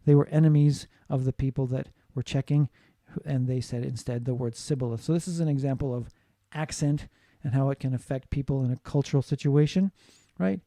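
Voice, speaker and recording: A man's voice: medium pitch, fairly quick, hardly any pauses, warm tone, dry recording. A man teaching a recorded lecture, explaining patiently and checking in with listeners.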